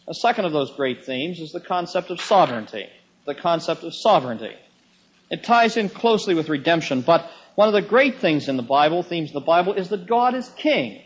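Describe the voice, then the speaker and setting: A man preaching a sermon, emphatic, with sudden rises in pitch for stress and chuckles at his own asides. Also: low-quality recording.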